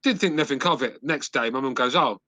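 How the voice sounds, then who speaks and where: A man's voice: medium pitch, fast talker, bright, forceful tone, no room sound. A middle-aged man with an English accent, a podcast host telling rambling crude stories and swearing constantly. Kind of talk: crude casual chat.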